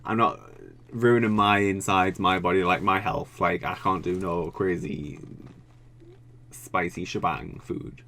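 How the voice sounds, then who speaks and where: A man's voice: deep voice, fairly even intonation, measured pace, sharp tone, slight background noise. A young man from the UK chatting casually as he reacts to a reality show, swearing often and groaning or squealing at what he sees. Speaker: reaction video creator.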